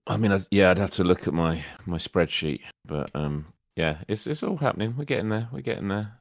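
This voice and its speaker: A man's voice: deep voice, animated, fairly quick, no echo, studio quality. A man co-hosting a casual gaming livestream, easygoing and playful, often trailing off mid-sentence. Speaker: co-host.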